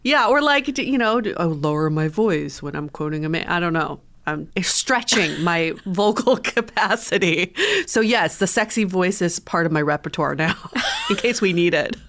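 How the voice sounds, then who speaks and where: Woman, podcast co-host, casual chat, playful, laughs a lot, slightly low pitch. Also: animated, moderate pace, fairly bright tone.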